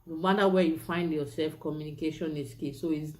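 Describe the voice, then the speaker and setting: A woman's voice: sits low, steady tone, fairly quick. Woman co-host summing up advice. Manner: affirming, reads questions, sums up points. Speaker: co-host of a marriage Q&A show. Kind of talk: relaxed advice talk.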